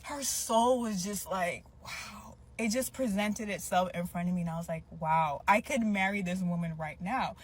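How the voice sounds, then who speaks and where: A woman in a casual video gushes in a playful, animated way, stretching out her exclamations. Her pitch is ordinary, with faint hiss behind her. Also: normal speed, hardly any pauses. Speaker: woman in a reacted-to clip.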